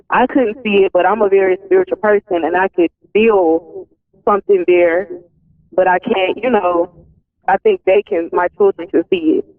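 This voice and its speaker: A woman's voice: mid-range voice, distant mic. A woman from Alabama, calling in to a radio show and explaining hesitantly and politely. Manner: hesitant, polite, says ma'am. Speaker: caller. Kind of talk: phone-in call. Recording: tinny phone line on radio.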